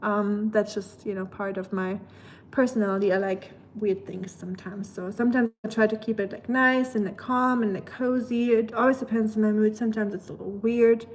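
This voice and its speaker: A woman's voice: medium pitch, steady tone, fairly quick, hardly any pauses, slight background noise. A woman from Germany with a German accent, chatting casually and rambling with lots of fillers on a livestream. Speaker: live streamer.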